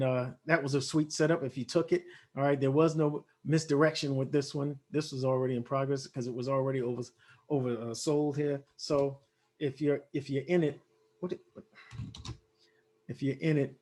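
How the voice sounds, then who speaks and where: A man with a fairly high voice talks through trading charts, thinking aloud as he goes. He stumbles through fillers and restarts and addresses viewers directly. His voice sounds a little worn, as if he is losing it. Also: fairly even intonation, moderate pace, a little mellow. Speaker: forex trading analyst. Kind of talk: casual chart walkthrough.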